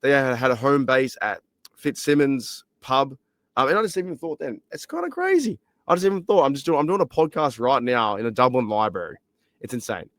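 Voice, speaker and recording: Hoarse Australian man, rambling podcast chat. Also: mid-range voice, brisk, no room sound. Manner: rambling, excitable, many fillers. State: hoarse, lost voice. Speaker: podcast host. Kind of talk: casual solo podcast chat. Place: library.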